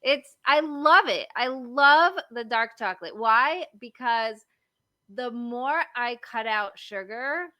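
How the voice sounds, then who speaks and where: A chatty woman in her thirties, talking easily and filling her stories with little fillers. Her voice sits a bit high and sounds bright, close and dry. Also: expressive, takes it slowly, dry recording. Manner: chatty storyteller, lots of likes and you-knows. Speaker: marriage coach. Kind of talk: casual podcast chat.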